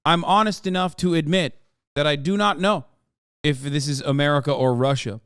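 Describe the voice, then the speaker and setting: Male streamer, slightly high, smooth voice, blunt and profane, dry close sound. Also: steady tone, moderate pace, fairly bright tone, no echo. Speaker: livestreamer. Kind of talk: casual political commentary to chat.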